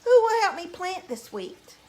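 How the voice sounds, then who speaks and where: A woman's voice: very high voice, very animated, a little slow, a little mellow, pitched above the performer's own voice, heavily acted. A woman voicing a hard-working little red hen in a read-aloud folk tale, asking earnestly.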